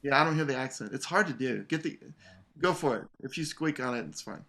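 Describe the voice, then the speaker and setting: A man coaching an English horn player in a masterclass, relaxed, singing phrases to show the rhythm. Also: medium pitch, a little fast, soft background music. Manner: relaxed, sings phrases to demonstrate. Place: online video masterclass.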